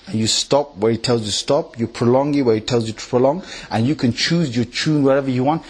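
A man preaching to a large gathering in a lively sermon, quizzing his listeners with rhetorical questions and swinging between loud emphatic bursts and low quiet asides. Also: fairly quick, slightly rough. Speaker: Islamic preacher addressing a gathering. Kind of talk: lively sermon with recitation examples.

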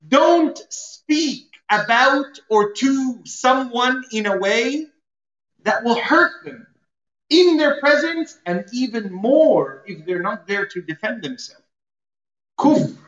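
A man's voice: extremely high pitch, pushed and bright. Man preaching in a roomy hall. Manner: explains Arabic terms, acts out everyday scenes. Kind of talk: sermon. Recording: roomy, slightly dull sound.

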